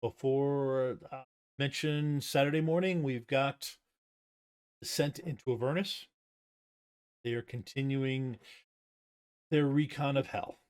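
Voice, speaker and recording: A man runs a tabletop game and wraps up the stream. He talks in a relaxed, halting way, full of ums and restarts, at a middling pitch. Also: clean tone. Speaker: game master. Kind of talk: casual game master chat and stream sign-off.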